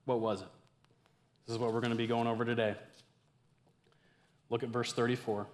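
A young man giving a casual, conversational sermon to a campus ministry group, swinging from loud, excited bursts to hushed, earnest lines. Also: medium pitch, a little fast.

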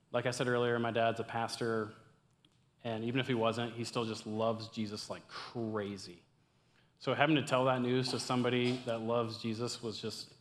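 In a casual sermon for a campus ministry group, a young man talks conversationally in a mid-range voice. He swings back and forth between excited, loud bursts and quiet, earnest lines.

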